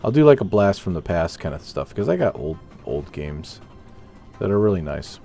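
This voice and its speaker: Low-voiced man rambling through gameplay. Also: big pitch swings, moderate pace, creaky, warm tone, soft background music. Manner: rambling, self-talking, chats with viewers. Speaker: gaming streamer. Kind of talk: casual gameplay commentary.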